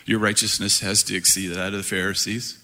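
A middle-aged man preaching a sermon, animated and playful, laughing often as he talks. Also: sits low, brisk. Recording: hall reverb.

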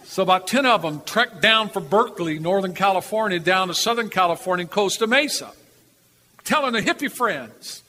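An older man preaching a sermon, telling a story in an animated, repetitive way with chuckles, in a church before a live audience. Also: high voice, moderate pace. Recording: reverberant hall, faint background noise.

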